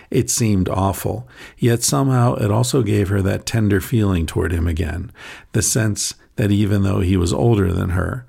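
A man with a deep, very gravelly voice reads a short story aloud. His tone is husky and a little breathy, and he keeps a soft, measured storytelling pace. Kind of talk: audiobook narration of a short story.

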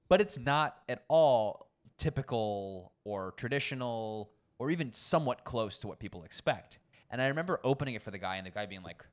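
A young man, a sommelier, telling work stories in a casual interview, animated and acting out the people he quotes. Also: medium pitch, brisk. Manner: animated, acts out quoted people, frequent swearing. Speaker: guest sommelier.

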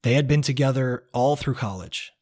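A man reading his own first-person travel story aloud in a reflective, measured, quietly earnest way. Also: medium pitch.

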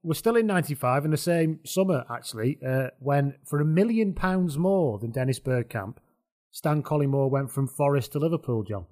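Brit host guy, chatty, bit higher voice, laughs a lot. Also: animated, normal speed, a little mellow. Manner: chatty, laughs easily, steers the talk. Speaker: podcast host. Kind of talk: casual football chat.

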